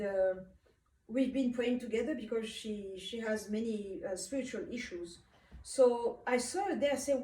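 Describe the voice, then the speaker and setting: High-voiced woman telling a dream, roomy and distant. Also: dark tone. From Africa. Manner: unhurried, hesitant, frequent uh fillers. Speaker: speaker recounting a dream. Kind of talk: personal testimony, storytelling.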